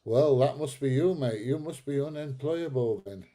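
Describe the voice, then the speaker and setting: A man's voice: medium pitch, normal speed, warm tone. A man in his seventies hosting a live stream, reading out chat comments and bantering back at trolls with frequent laughs. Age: 70s. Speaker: livestream host reading chat.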